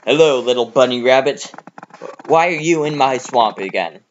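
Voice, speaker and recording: A man's voice: medium pitch, animated, normal speed, slight background noise, close to an everyday voice. A man voicing a big, flirtatious male ogre with a teasing, leering manner. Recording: slightly dull home recording.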